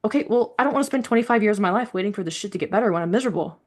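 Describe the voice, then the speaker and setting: A woman's voice: mid-range voice, lively intonation, very fast. A woman hosting an interview podcast who talks in a frank, casual way. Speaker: podcast host. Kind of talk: conversational interview.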